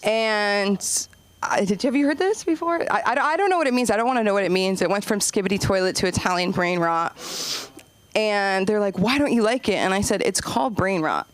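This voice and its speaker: A woman doing a stand-up comedy set, chatty and rambling, jumping her voice up high whenever she acts out a quote. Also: expressive, a little fast, no echo. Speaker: stand-up comic and open mic host. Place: comedy club stage.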